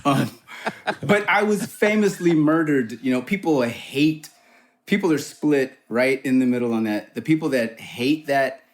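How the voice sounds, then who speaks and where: A middle-aged man telling showbiz stories in casual chat as a podcast guest, lively and acting out the people he quotes. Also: medium pitch, a little slow. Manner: animated storyteller, acts out quoted people. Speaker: guest actor.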